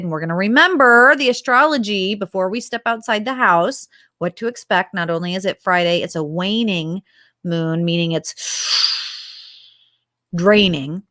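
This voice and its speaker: A woman co-hosting an astrology podcast, talking in an animated, enthusiastic and rambling way. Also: lowish voice, no echo. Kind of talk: casual chat.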